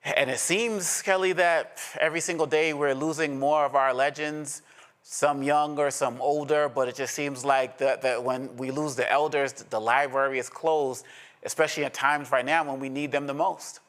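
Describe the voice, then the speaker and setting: A man with a voice of ordinary middle pitch reads the news evenly and steadily. He then turns to his panelists and puts questions to them, sometimes restarting a word as he goes. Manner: measured, steady delivery, with brief restarts when questioning. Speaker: panel host. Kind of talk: news reading and panel moderation.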